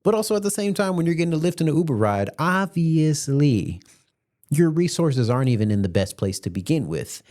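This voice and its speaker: A man's voice: fairly high pitch, very animated, a little fast, darkish tone. A man hosting a podcast, telling a rideshare story in a chatty, slangy way and laughing along as he talks. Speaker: podcast host and rideshare driver. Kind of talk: casual storytelling monologue.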